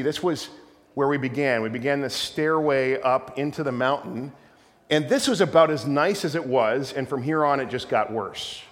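Middle-aged guy preaching, rambly excited story, kinda high voice, big echoey church. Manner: animated, rambling storyteller with many restarts. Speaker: pastor. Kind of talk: sermon storytelling. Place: church sanctuary. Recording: long hall reverb.

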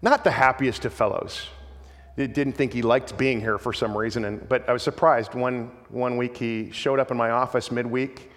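A man's voice: medium pitch, steady tone, normal speed, fairly bright tone, in a large hall. A man preaching a sermon as pastor, earnest and emphatic, often repeating words as he restarts.

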